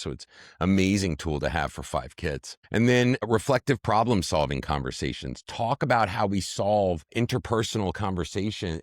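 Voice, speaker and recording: A man's voice: on the low side, dry recording, clean studio sound. A man in his thirties giving an earnest, direct talk to parents, calling them friends and speaking plainly about raising children. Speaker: parenting educator. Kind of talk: lecture to parents.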